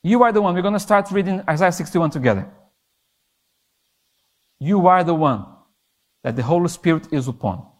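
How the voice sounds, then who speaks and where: Impassioned high-voiced male youth preacher. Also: animated, normal speed, long pauses. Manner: impassioned, rises and falls in pitch for emphasis. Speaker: youth pastor. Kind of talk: sermon.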